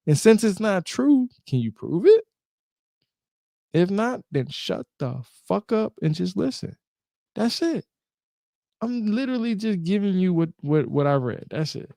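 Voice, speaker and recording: A man talks on a live stream in a casual, animated way, circling back and repeating his points. His voice sits a little high for a man yet sounds dark and mellow. It is recorded close and dry, with no room around it. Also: measured pace, vocal fry, no echo. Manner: animated, repeats himself, jokes and swears casually. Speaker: host. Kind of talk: casual live-stream talk reading from a book.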